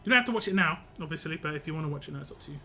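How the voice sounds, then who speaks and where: A man's voice: a little high, lively intonation, racing, sharp tone, faint music behind. A young man streaming a game live, chatting casually with viewers, rambling and laughing often.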